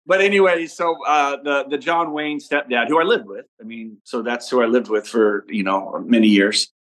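Male podcast guest from Nebraska, mid-pitched, loose rambling storyteller, casual interview. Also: normal speed, fairly bright tone, poor audio. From Nebraska, USA. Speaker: podcast guest, father and entrepreneur.

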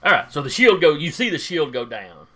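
A man's voice: on the high side, big pitch swings, brisk, pushed and bright. A man running a tabletop game as game master, reading out rules plainly and asking players for rolls. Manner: reads rules aloud, plain and matter-of-fact.

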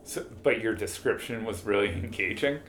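Podcast co-host, male, bright forward voice, teasing and chuckly, roomy echo. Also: on the low side, moderate pace. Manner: playful, laughs often. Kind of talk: casual chat. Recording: echoey room.

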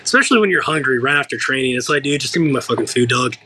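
Give me a bright-voiced young American man telling a story. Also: mid-range voice, rapid-fire, a little hiss or hum. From United States. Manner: animated, profane, acts out quoted voices. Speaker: guest fighter. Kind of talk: casual interview storytelling.

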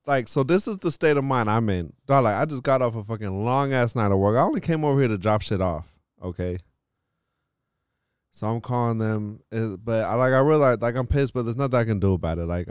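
Profane storytelling man, smooth dry voice. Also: on the low side, a little fast, no room sound. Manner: profane, animated storytelling with frequent "like". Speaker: podcast host. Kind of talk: casual storytelling chat.

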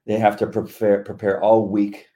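Deep-voiced middle-aged man, earnest devotional co-host. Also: completely flat delivery, normal speed, mellow. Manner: earnest, reflective. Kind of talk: devotional chat.

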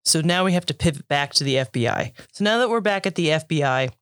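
A woman's voice: deep voice, lively intonation, fast talker, no echo. Chatty woman podcast co-host, dry sound. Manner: chatty, laughs often, acts out quotes. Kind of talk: casual chat.

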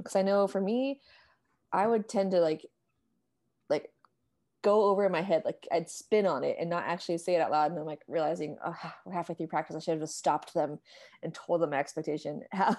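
Woman host-coach, slightly low voice, easy laughing questions. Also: darkish tone. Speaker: interviewer and fellow coach. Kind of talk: casual conversation.

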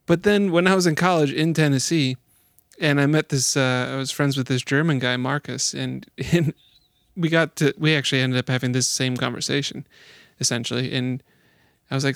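A man co-hosting a casual conversation, telling stories in a relaxed way and agreeing often. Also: medium pitch, moderate pace, vocal fry, dry recording, studio quality. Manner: relaxed storyteller, affirming often. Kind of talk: casual chat.

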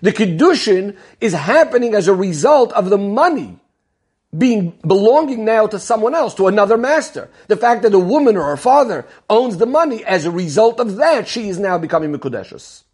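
Male Torah teacher, high husky voice, patient explanatory lesson delivery. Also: darkish tone. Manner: explanatory, repeats key terms, Hebrew and Yiddish terms. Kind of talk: Talmud lesson.

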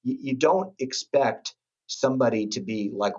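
Middle-aged male guest, husky and low, stop-start and enthusiastic, on a muffled lo-fi line. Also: darkish tone. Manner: enthusiastic, halting, with many restarts. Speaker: guest, company executive. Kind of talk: casual podcast interview.

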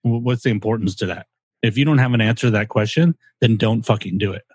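Husky-voiced opinionated man. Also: lowish voice, quick pace, darkish tone, no echo. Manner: opinionated, blunt, swears. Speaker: podcast co-host. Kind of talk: casual chat.

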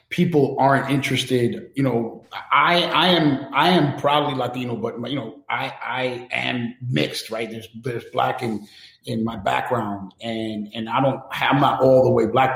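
An enterprise technology strategist, guesting in a casual interview, talks candidly and with energy, restarting often and tagging lines with "right?". His voice is mid-range and gravelly, in a reverberant space.

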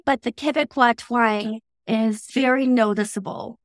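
Higher-voiced Canadian woman, thoughtful. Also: steady tone, normal speed, no room sound, studio quality. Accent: Canadian English. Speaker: interview guest. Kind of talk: reflective conversational interview.

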